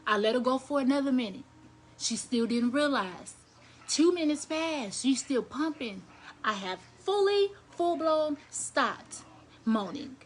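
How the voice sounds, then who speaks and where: A young woman with a high-pitched voice tells a story straight to her viewers. She is blunt and crude, with a casual and animated delivery. A faint background noise sits under her voice. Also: measured pace. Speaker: storyteller vlogger.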